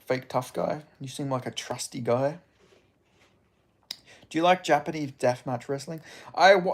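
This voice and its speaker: A man's voice: mid-range voice, gravelly. A young Australian man streaming, chatting casually with viewers in a sweary, rambling way. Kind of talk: casual live-stream chat.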